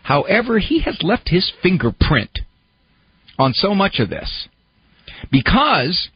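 A man with a slightly raised, husky voice speaks in a lively, rising-and-falling way, posing questions and walking through everyday examples. The recording is muffled and dry, with no room sound. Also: high voice, slow, no room sound. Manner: talks through examples, posing questions and putting on a complaining listener's voice. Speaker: speaker on psychology and self-help. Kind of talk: conversational lecture.

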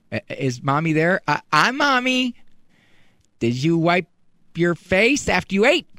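Guy doing a comic bit on his radio show, slow and drawn out, voice swings all over, gets all exasperated. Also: on the high side, no echo, studio quality. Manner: exasperated, pleading, animated storytelling. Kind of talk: comedic monologue.

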